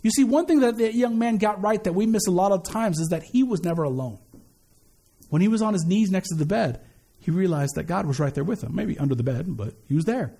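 A man's voice: high voice, lively intonation, a little fast, creaky, dark tone, husky. A man giving a conversational sermon as a pastor, earnest, repeating key phrases and often restarting his sentences. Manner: frequent stammered restarts.

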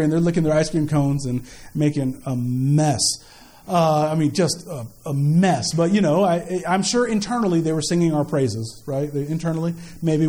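A man's voice: high-pitched, darkish tone. A man, a young father, preaching a sermon with playful family stories and questions to the congregation. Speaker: pastor.

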